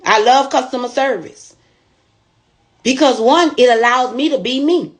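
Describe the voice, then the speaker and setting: A woman's voice: high-pitched, moderate pace. A woman store owner telling a motivational testimony in a folksy, preachy storytelling way.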